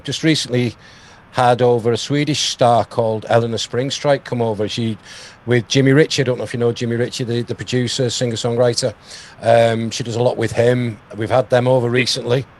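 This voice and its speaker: A man's voice: medium pitch, flat delivery, normal speed, a little mellow. A man from England hosting an interview, chatting casually and trailing off into fillers. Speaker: radio host, interviewer.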